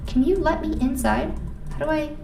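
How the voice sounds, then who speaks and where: Excitable high-voiced woman streamer. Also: normal speed, creaky, soft background music. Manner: excitable, exclaiming. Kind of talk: game stream reactions. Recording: echoey stream clip from a distance.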